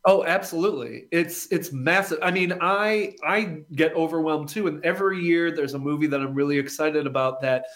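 A young man talks in a casual chat with a somewhat high voice. He is enthusiastic and rambling, restarting his sentences often and piling up asides as he goes. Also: moderate pace, few pauses, fairly bright tone. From Milwaukee. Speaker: film critic guest.

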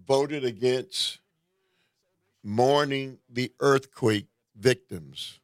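A man giving an indignant political opinion monologue, deliberate and repeating himself as he restarts. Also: mid-range voice, vocal fry, a bit bright, no echo, studio quality. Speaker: political commentator. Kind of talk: reading a news report aloud.

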